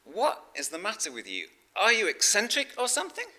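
A preacher voicing an older Bible teacher who has just been woken at night and answers sharply. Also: male voice, a little high, wildly swooping pitch, very slow, pushed and bright, voice pushed up, heavily acted. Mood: testy.

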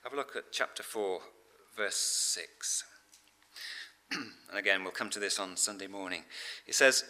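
Bright-voiced middle-aged preacher. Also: male voice, deep voice, a little slow, long pauses. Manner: conversational storytelling, frequent fillers and throat-clearing. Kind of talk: sermon.

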